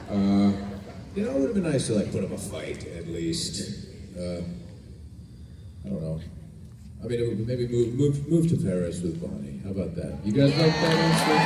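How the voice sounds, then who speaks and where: A man, an actor, answering fans at a convention panel in a relaxed, joking, self-deprecating way. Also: deep voice. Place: large convention hall. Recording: echoey hall, distant mic, noisy crowd.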